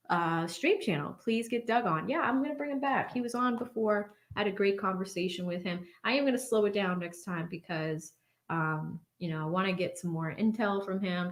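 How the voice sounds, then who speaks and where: Her voice is medium-pitched and a bit bright. She's hosting an easygoing stream from her home studio under blue backlight, laughing frequently as she reads out superchats and thanks the senders by name.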